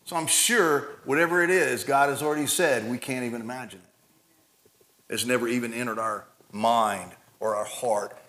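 A middle-aged man preaching a sermon in a folksy, conversational way, swinging between loud emphatic lines and soft low asides. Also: moderate pace. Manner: folksy and conversational, laughs and tells family stories. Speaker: pastor.

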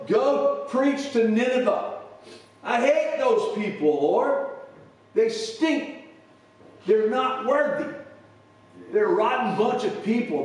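A preacher putting on an indignant grumbling prophet, Jonah. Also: male voice, sits high, a little mellow, voice pushed up. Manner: indignant, complaining. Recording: echoey hall from far off.

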